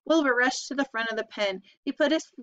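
A woman's voice: sits high, brisk, a bit bright, clear, resonant tone. A woman reading a children's novel aloud, narrating expressively. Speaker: storybook reader. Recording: dull lo-fi recording.

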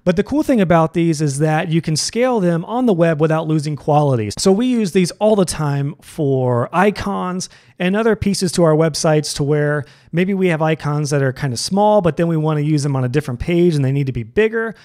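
A man's voice: on the high side, lively intonation, fairly quick, a little mellow. A man teaching web design in a conversational, upbeat tutorial style, opening each new point with emphasis. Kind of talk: explanatory tutorial.

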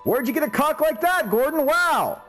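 Excitable game security guard, very high, shouty, voice-changer effect. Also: male voice, normal speed, faint music behind, full character voice. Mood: excited. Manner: shouty, gushing, exclamatory.

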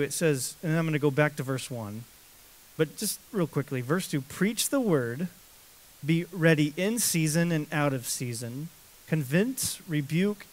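A man preaching an expository sermon as pastor, emphatic and repetitive, with many restarts and fillers. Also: a little high.

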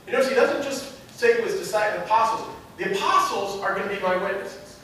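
A pastor preaches his sermon in a high-pitched voice that swells into loud, emphatic peaks as he tells his story. He is picked up from a distance, and his voice rings through a very echoey church sanctuary. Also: fast talker, few pauses, a little hiss or hum.

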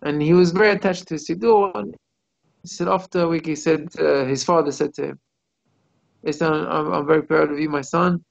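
A rabbi gives a class over a video call. His voice sits a little high and has a gravelly creak. The call audio is muffled, and he keeps stopping to hunt for English words as he tells his stories. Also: steady tone. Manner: pauses to search for English words.

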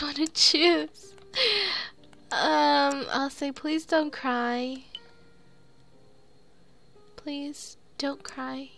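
A woman's voice: high voice, gravelly, a bit bright, heavily acted. A woman voicing a protective young man in a horror game, reading his firm, reassuring lines in her own voice. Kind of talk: reading game dialogue aloud.

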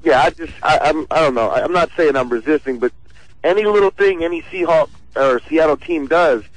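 A man's voice: on the high side, fairly quick, no echo, poor audio. Stammering Philadelphia-born man on the line. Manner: stammering, hesitant. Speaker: caller.

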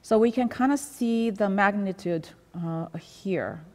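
A woman's voice: medium pitch, measured pace, a little mellow, long reverb tail. A woman leading a Sabbath School Bible study in a conversational way, reading scripture aloud and explaining it. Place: church.

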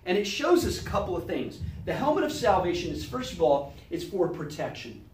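A man teaching Sunday school with a lively, swooping delivery, acting out little scenes as he goes. His voice sounds a little distant from the mic and rings in a roomy, echoey space. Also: high-pitched. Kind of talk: animated Bible lesson.

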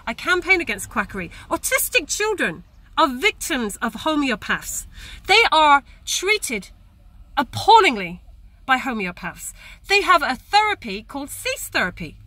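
A woman's voice: sits high, very animated, normal speed, pushed and bright, dry recording. A woman campaigner ranting to camera, indignant and emphatic, often tagging her points with "okay?". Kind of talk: angry direct-to-camera rant. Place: Ireland.

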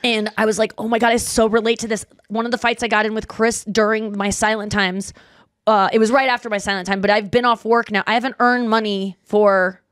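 A woman's voice: on the high side, a little fast, dry recording, clean studio sound. A woman in her thirties hosting a podcast, chatting casually and acting out the voices of the people in her stories. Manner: animated storytelling, acts out quoted voices. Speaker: podcast host. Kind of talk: casual chat.

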